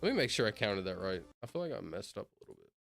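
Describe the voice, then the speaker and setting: A man streams while counting aloud, chatting casually and getting sidetracked as he talks to himself in a rambling way. His lowish voice is sing-song, rapid-fire, and a bit bright, with soft music in the background.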